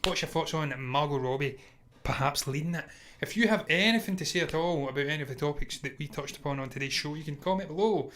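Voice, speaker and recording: A man co-hosting a movie news show, his voice sitting a little on the high side. He talks in a casual, opinionated and emphatic way, laughing easily as he makes his points. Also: fast talker, a bit bright.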